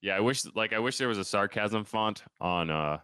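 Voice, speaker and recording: Bright, crisp-voiced man joking on a podcast. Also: lowish voice, animated, normal speed, dry recording. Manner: joking, sarcastic banter. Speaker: podcast co-host. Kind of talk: casual sports podcast chat.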